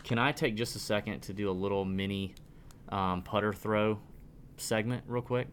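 Excitable male podcast host on a rant. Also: lowish voice, normal speed, a little hiss or hum. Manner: animated ranting, stumbling restarts. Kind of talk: casual podcast chat.

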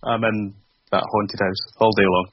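A man's voice: on the low side, flat delivery, moderate pace, lo-fi sound. A man guesting on a podcast over a remote call. He is easygoing and chuckles often, with hesitant restarts. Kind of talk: casual chat.

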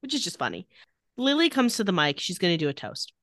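A woman with a lowish voice talks quickly, with no echo, as a co-host on a podcast recapping a TV episode. In a casual chat she retells scenes with dry sarcasm, reading the characters' lines aloud in a flat voice.

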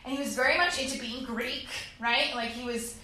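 A woman's voice: sits high, steady tone, fairly quick, bright, forceful tone, a little hiss or hum. A woman performing a chatty, self-deprecating stand-up set on a club stage, acting out quotes with laughs. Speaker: stand-up comedian. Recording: echoey club room.

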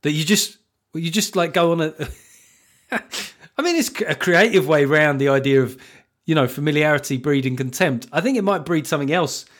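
A man hosting a comic podcast on his own, blunt and sweary, who laughs at his own jokes. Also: fairly high pitch. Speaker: podcast host. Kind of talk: comic solo podcast monologue.

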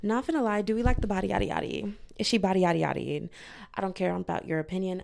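A young woman from the United States chatting casually to her listeners, telling a story in an animated, slangy way with loud asides. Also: mid-range voice, fast talker, vocal fry. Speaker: vlogger.

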